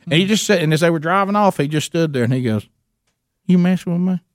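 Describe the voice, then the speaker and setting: A man telling an animated story with lots of restarts, chatting casually as co-host. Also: a little high, very fast, no echo, studio quality. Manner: animated storyteller, many restarts, imitates others.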